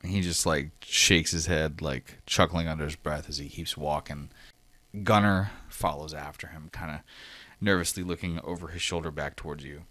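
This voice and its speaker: Deep-voiced man running a tabletop game. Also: steady tone, moderate pace, fairly bright tone, no echo. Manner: loose, filler-heavy narration. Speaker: game master.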